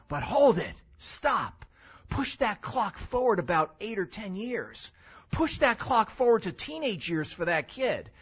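An older man preaching a sermon as a pastor, animated, with loud emphatic stretches and quiet asides. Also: high voice, dull audio.

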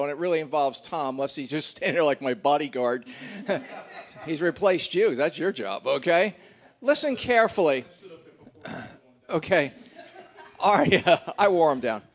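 A middle-aged man leading a church gathering, joking and teasing his congregation in a casual, chatty way. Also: fairly high pitch.

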